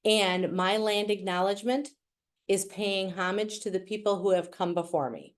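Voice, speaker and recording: A woman's voice: mid-range voice, moderate pace. Middle-aged wisconsin lady presenting on a video call, chatty and playful, throws in asides. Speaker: guest speaker. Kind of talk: virtual presentation.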